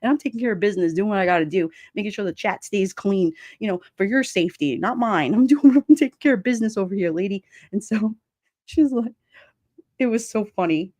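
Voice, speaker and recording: A woman's voice: mid-range voice, expressive, brisk, a little mellow, dry recording, clean studio sound. A woman hosting a livestream, chatting casually and reading viewer comments aloud, laughing often and slipping into quoted voices. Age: adult with children. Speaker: livestream host.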